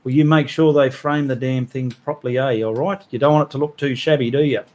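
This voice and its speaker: Casual bloke, mid-pitched voice, hosting a live stream and greeting viewers one by one. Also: male voice, steady tone, fairly quick, darkish tone. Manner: chatty, friendly, reads out viewer names with small asides. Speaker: host of a live art stream.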